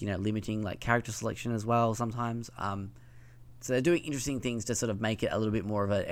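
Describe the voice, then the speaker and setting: Low gravelly man with a lisp. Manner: loose, rambling, lots of ums and likes. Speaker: podcast host. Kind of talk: casual gaming news chat.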